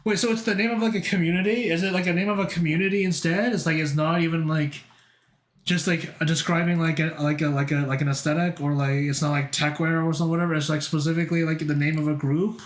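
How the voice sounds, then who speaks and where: A male streamer chatting with his viewers, rambling and excitable, tripping over filler words and swearing a lot. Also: on the high side, quick pace. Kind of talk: casual chat with stream viewers. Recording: echoey room.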